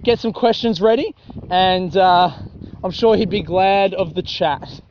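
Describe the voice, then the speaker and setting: A man's voice: high voice, measured pace. A young Australian man chatting casually while walking along a grassy rural track, swearing often and laughing at his own jokes. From South Australia. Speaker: vlogger. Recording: dull lo-fi audio with faint noise.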